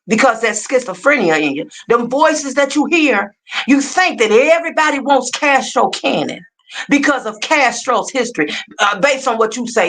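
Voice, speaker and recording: A woman's voice: a little high, a bit bright, low-quality recording. A woman hosting a livestream, speaking in an emphatic, scolding, preacher-like way. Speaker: livestream reaction host. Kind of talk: heated livestream rant.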